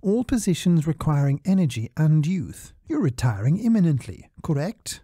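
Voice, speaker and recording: A man voicing a cool, precise private spy who speaks in a courteous, measured way. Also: on the high side, big pitch swings, mellow, husky, no room sound, studio quality, pitched above the performer's own voice.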